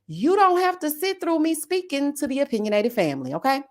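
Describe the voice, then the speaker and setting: A woman talks in a sassy, animated way, with a slightly high voice. She greets her viewers one by one and dishes on a reality show like a casual live stream. She keeps dropping "honey" and "child.". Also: fairly quick. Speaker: YouTube reality-show reviewer.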